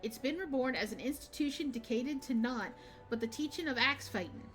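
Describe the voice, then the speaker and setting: A woman voicing a long-winded female guild clerk from a seaport, with a US Southern accent and old-fashioned, drawn-out dialect speech. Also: sits high, animated, soft background music. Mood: friendly.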